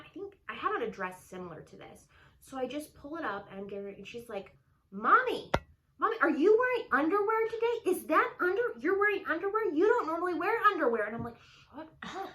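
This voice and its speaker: A woman's voice: mid-range voice, a bit bright, a little hiss or hum, poor audio. A woman in her thirties co-hosting a casual chat, telling candid stories and mimicking her child. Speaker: co-host.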